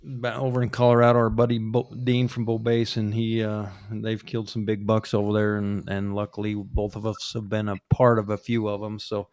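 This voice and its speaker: A man's voice: on the low side, completely flat delivery, brisk, hardly any pauses, a little mellow. A man hosting a podcast, swapping hunting stories in casual chat, laughing as he goes. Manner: storytelling, laughs often. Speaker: podcast host.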